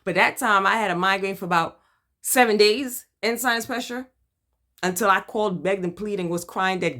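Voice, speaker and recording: Hyper, animated Brooklyn woman. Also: fast. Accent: Brooklyn, New York. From Brooklyn, New York. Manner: animated, dramatic, with emphatic swings in pitch and loudness; hyper and talkative. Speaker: vlogger sharing her cancer journey. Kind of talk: casual candid video diary.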